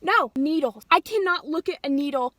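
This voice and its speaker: A woman's voice: high-pitched, lively intonation, normal speed, fairly bright tone, no room sound. A woman vlogger retelling a story in a casual, rambling way, full of fillers and emphatic asides, recorded on a phone. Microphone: phone camera.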